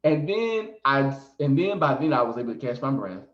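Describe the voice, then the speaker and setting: A man hosting a storytime vlog as a psychic reader, animated, often laughing and adding "okay?" asides. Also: medium pitch, moderate pace. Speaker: psychic reader and video host. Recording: echoey room, slightly dull sound.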